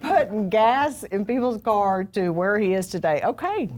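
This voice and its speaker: A woman's voice: medium pitch, animated, measured pace, darkish tone, a little hiss or hum. Chatty woman hosting a live interview. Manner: chatty, self-deprecating, joking. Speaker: host, HR director. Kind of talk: casual onstage interview. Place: live event room with audience.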